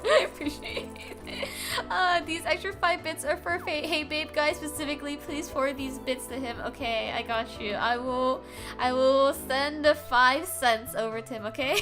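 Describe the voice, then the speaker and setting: A young woman streaming live, chatting casually and playfully with viewers, teasing, giggling and hamming up mock drama. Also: high-pitched.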